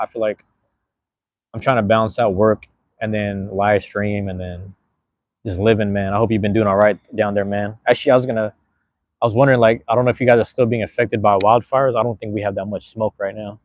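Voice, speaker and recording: In a casual live-stream monologue, a young podcast host and streamer from the American West Coast talks fast in a fairly low, level voice, meandering with slang and lots of profanity. The sound is dull and echo-free.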